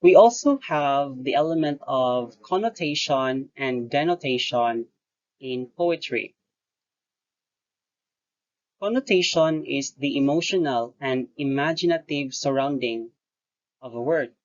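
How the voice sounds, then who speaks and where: A teacher giving a recorded lesson, speaking deliberately, pausing often between phrases and correcting their own wording. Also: medium pitch. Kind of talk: recorded lecture-style lesson. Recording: dull lo-fi voice recording.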